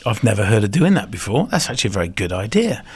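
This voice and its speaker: A man's voice: fairly low pitch, very animated, racing, slightly rough. A man hosting a podcast, chatting enthusiastically and giving advice with plenty of fillers. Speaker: podcast host. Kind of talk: casual chat, giving advice.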